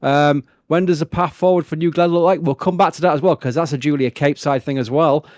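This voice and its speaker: Fast-chatting Yorkshire man hosting a livestream. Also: on the high side, fairly even intonation, a little mellow, dry recording. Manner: chatty, reads chat messages quickly. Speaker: livestream host. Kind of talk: casual live commentary.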